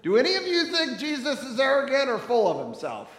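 A man with a high voice preaches to his congregation, with lots of rise and fall in his pitch. He is playful and teasing and talks directly to the people in the pews. The recording carries the echo and long reverb of a church hall. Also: huge pitch swings, a little fast, fairly bright tone. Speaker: pastor. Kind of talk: sermon. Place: church sanctuary.

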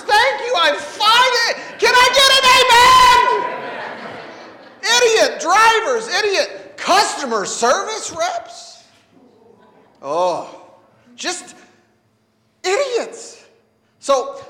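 Male pastor, high voice, playful sermon with a conversational feel, recorded in a church with reverb. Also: pushed and bright. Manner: conversational and playful, asks the congregation for responses. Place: church sanctuary. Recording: echoey hall.

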